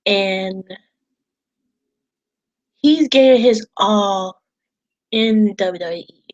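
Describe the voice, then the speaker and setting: A woman's voice: medium pitch, extremely slow, highs cut off. Rambling, emotional woman vlogger. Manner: rambling, emotional, repeats herself, swears. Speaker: wrestling vlogger. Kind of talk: casual vlog talk. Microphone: on camera.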